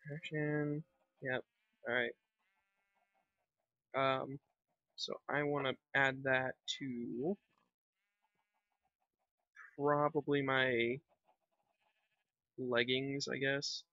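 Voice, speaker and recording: A man's voice: medium pitch, level tone, extremely slow, pauses often, bright, forceful tone, no echo. A young man chatting casually while playing a game, rambling and thinking aloud with lots of fillers. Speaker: gaming vlogger. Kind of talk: casual gameplay commentary. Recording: dull lo-fi home mic.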